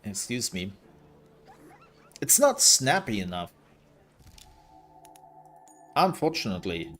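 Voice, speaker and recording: Slow, rambling male game streamer. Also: lowish voice, very animated, fairly bright tone, soft background music. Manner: rambling and candid, with hesitant fillers. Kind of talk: casual live game commentary.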